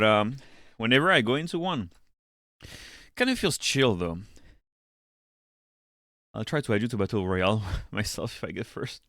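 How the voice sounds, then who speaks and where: A man's voice: lowish voice, fairly bright tone, no room sound. Dry-miked man rambling on a stream. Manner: rambling, profane, chats with viewers while working. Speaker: streamer and teacher. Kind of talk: casual live-stream chat.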